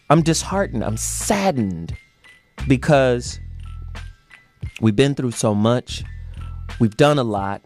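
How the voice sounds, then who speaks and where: A man hosting a casual morning talk show, talking in an animated, slangy and emphatic way. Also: mid-range voice. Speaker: host. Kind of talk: casual radio-show chat.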